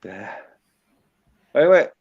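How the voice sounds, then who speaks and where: A man hosting a casual livestream, trading crude, profane banter with his guests. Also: very slow. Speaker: livestream host. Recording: dull lo-fi sound.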